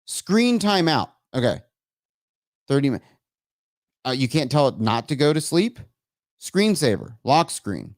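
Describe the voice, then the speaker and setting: Animated man hosting a chaotic live stream. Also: fairly high pitch, normal speed, pauses often, no room sound, studio quality. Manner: exasperated, laughing at his own tech troubles. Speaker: live show host. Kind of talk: casual live-stream chat.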